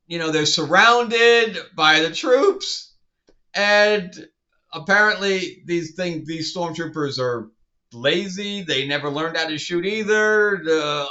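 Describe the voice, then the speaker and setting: A man's voice: high-pitched, sharp tone, muffled recording. A man reviewing a show in a casual vlog, exasperated and sarcastic, rambling with restarts.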